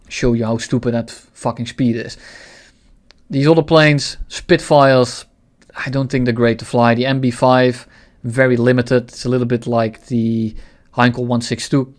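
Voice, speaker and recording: A man giving casual, blunt game commentary, opinionated and ranting, with frequent swearing. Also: medium pitch. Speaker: gaming video creator.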